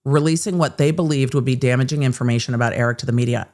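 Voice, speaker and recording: A woman's voice: very deep voice, racing, few pauses, a little mellow. A woman hosting live legal commentary, sarcastic and blunt, and she swears freely. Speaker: host.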